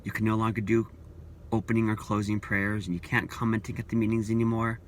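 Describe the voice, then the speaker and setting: A man voicing a hesitant male church elder who admits his lack of schooling in a low, apologetic voice. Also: flat delivery, fast, a little hiss or hum, natural voice. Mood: sheepish. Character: meek male congregation elder, sheepish.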